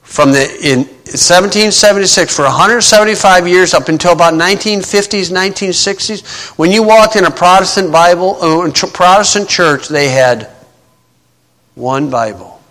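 A man's voice: high voice, fairly quick, fairly bright tone. A man preaching a sermon in a plain-spoken way, with sarcastic asides and scripture quoted in mocking voices. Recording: long hall reverb.

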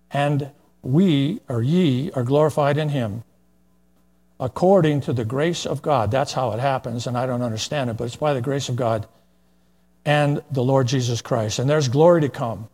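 Older preacher with a breathy, husky voice. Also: male voice, medium pitch, darkish tone. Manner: plain-spoken, folksy, with frequent fillers and asides. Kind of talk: verse-by-verse sermon.

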